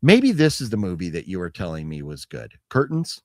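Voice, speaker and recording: Rambling, lively-pitched male co-host. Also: fairly quick, no echo, clean studio sound. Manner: rambling, swears freely, reads product blurbs aloud; restarts sentences, hedging fillers. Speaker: co-host of a physical media haul show. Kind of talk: casual chat.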